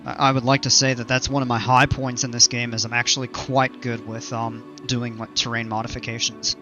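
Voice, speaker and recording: A man thinks aloud as he streams a park-building game, circling back with fillers and self-corrections. His voice is bright and pointed. The recording is a bit dull, with faint music underneath. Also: mid-range voice, flat delivery, fairly quick. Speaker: gaming streamer. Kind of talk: casual gameplay commentary.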